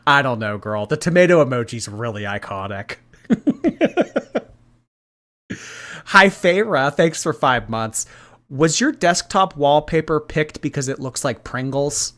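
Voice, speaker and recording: A man's voice: mid-range voice, very animated, slow pace, fairly bright tone. A man hosting a casual livestream, reading and answering viewer chat in a gossipy way and laughing often.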